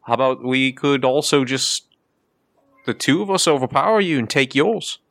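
A man playing a tabletop role-playing game. He talks at a middling pitch, rambling and hedging. He keeps qualifying and correcting what he just said. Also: animated, normal speed, a bit bright. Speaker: player. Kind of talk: casual tabletop game play.

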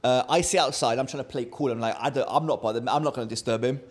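Animated man telling a story. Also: medium pitch, racing. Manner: animated storyteller, acts out quotes. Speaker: podcast co-host. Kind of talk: casual storytelling chat.

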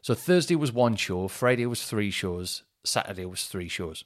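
A man, a comedian and podcast host telling stories in a rambling, sweary, animated way. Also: lowish voice, moderate pace. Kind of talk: casual storytelling chat.

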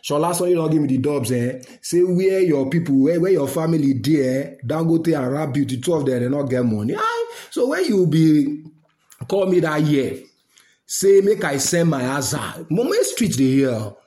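A man's voice: on the high side, normal speed. Nigerian guy, middle-aged, ranting casually and making fun, voice goes up and down a lot. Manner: mocking, animated, laughs while talking. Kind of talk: casual rant in pidgin and English.

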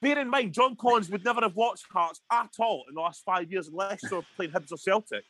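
A man's voice: high-pitched, fairly quick, a bit bright, dry recording. A Scottish man ranting heatedly in a casual podcast chat, swearing often. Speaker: podcast co-host.

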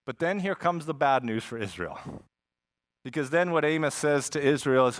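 A man preaching a sermon as a pastor, teaching in an animated style with asides and jokes. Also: on the high side, moderate pace.

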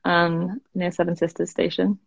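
A woman's voice: on the low side, level tone, normal speed, creaky, breathy edge, no room sound, dull audio. A woman, chatting as an interview guest. She fills her talk with "like" and laughs often. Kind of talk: casual interview chat.

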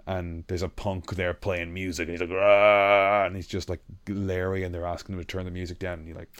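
A man co-hosting a podcast in casual chat, animated and sweary as he rants. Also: deep voice, fast talker, no room sound. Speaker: podcast co-host.

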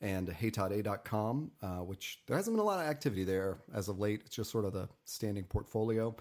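A man's voice: fairly low pitch, animated, a little fast, a little mellow. A man co-hosting a podcast in casual chat, his throat dry and coughing from allergies. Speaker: podcast co-host.

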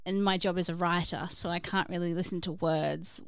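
A woman's voice: on the low side, fairly even intonation, fairly quick, smooth. A woman co-hosting a podcast, chatting in a rambling, easygoing way with frequent laughter. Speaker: podcast co-host. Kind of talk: casual podcast chat.

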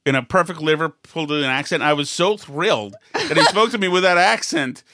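A man's voice: fairly high pitch, brisk, pushed and bright, no room sound, clean studio sound. A middle-aged American man telling stories in a rambling, casual way, full of fillers and restarts. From United States. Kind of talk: casual conversational storytelling.

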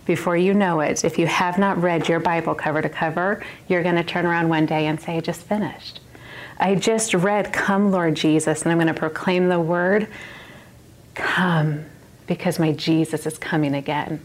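A woman's voice: lowish voice, fairly even intonation, moderate pace. A woman in her thirties giving a personal testimony to a women's Bible study, earnest and emphatic, often laughing at herself.

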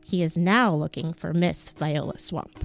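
A woman reading a children's storybook aloud in a clear, expressive way as a show co-host. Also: low voice, measured pace, faint music behind.

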